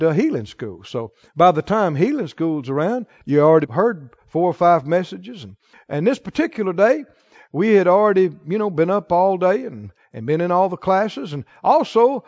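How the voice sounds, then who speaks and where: A man delivers a sermon in a high voice, dropping to quiet asides and then rising to near-shouts. The recording is dull and muffled. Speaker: preacher.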